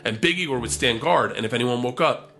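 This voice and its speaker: A man tells a rowdy comic story, swearing freely and acting out every quoted line in a higher, excited voice. His tone is bright and forceful throughout. Faint music plays softly behind him. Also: fairly quick, creaky. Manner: profane, excitable, acts out the quotes in raised voices. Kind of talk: animated comic anecdote.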